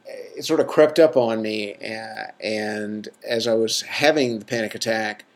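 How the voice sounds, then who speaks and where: A man's voice: lowish voice, a little slow. A middle-aged man, a clinician, talking casually for a podcast, rambling with many fillers and self-corrections, frank and jokey.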